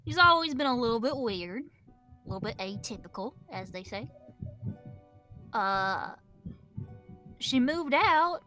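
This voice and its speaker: A man's voice: very high-pitched, animated, measured pace, pauses often, pushed and bright, faint music behind, full character voice. A man voicing a vain, gossipy old village woman in a tabletop game. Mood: wistful.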